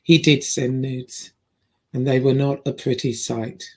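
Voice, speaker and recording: A woman's voice: a bass voice, little pitch movement, unhurried. A woman hosting a reaction commentary channel, talking bluntly and rambling with fillers and restarts.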